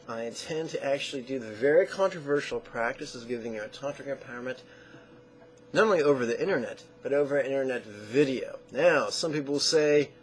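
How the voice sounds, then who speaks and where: A man teaching an online lesson, guiding the listener through call-and-response chanting in a slow, deliberate coaching manner. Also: medium pitch. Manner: chants syllables slowly and drawn out. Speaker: mantra teacher.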